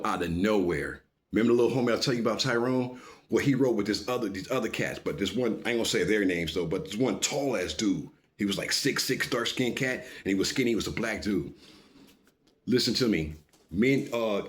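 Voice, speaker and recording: A man spinning a street story with loose, profane energy, stopping often to make sure the listener keeps up. His voice sits at an ordinary middle pitch.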